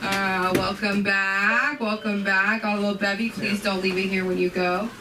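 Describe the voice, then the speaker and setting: A woman's voice: medium pitch, fairly even intonation, unhurried. A woman hosting an open mic comedy night, bantering and teasing comics as she introduces them. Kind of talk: emceeing a comedy show. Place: comedy club stage. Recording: echoey room, distant mic, noise.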